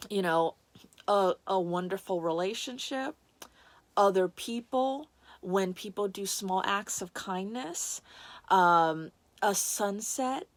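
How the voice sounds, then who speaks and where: A woman speaks candidly about a deeply personal experience, her voice emotional and at moments close to tears. She talks with many restarts and fillers, in a mid-pitched voice. The recording is dry and close. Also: no room sound. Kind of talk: personal testimony to camera.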